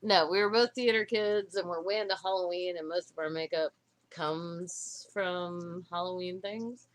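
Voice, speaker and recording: A woman co-hosting a livestream, talking in a halting, emotional way with many restarts. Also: fairly low pitch, steady tone. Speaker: livestream co-host. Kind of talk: casual livestream chat.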